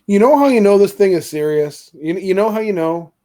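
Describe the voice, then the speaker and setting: A man's voice: high voice, lively intonation, brisk, mellow. A man co-hosting a casual podcast chat, rambling with lots of filler words. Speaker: podcast co-host.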